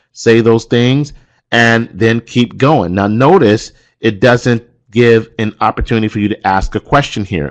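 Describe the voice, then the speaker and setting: A man training instructors, walking them through a course module in an emphatic, coaching manner that repeats key points. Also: mid-range voice. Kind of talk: instructional walkthrough.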